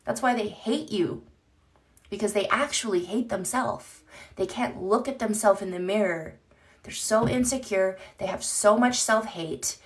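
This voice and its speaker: A woman's voice: medium pitch, measured pace. A woman chatting candidly on a live stream into her phone, rambling and swearing casually as she reads comments.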